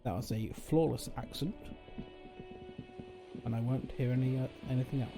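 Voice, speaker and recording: A man's voice: mid-range voice, normal speed, over music. A man streaming a video game, chatting casually and thinking aloud, rambling and correcting himself as he goes.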